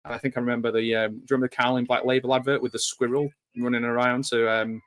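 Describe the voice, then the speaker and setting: A man's voice: mid-range voice, level tone, fast, fairly bright tone. A man giving a casual, rambling live commentary while watching a movie, drifting into nostalgic asides. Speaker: film commentator.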